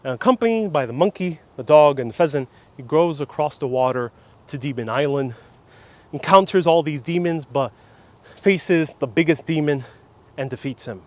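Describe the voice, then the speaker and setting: A man with a fairly high voice, guiding a tour of an outdoor sculpture park. He retells a legend in a casual, lively manner, with his pitch rising and dipping. A small wireless clip-on mic picks him up outdoors. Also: moderate pace. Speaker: tour guide host.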